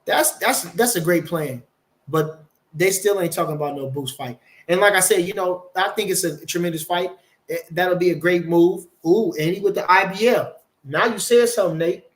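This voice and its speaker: A man's voice: high voice, moderate pace. A man hosting a casual boxing live stream, rambling and emphatic, cursing freely and reading viewer comments aloud. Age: older. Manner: swearing, rambling, emphatic, reads chat aloud. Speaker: boxing channel host.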